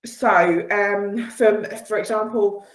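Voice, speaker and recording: A woman of middle pitch leads an online training session as a business coach. She talks in an upbeat, encouraging way and laughs easily. Her voice rings in a roomy, echoey space. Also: fairly even intonation, takes it slowly. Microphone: video call with screen sharing.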